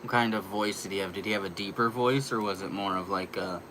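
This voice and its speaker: A man's voice: sits low, steady tone, fast, noisy background. A young man hosting a casual livestream, rambling loosely with fillers and the odd curse. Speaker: livestream host.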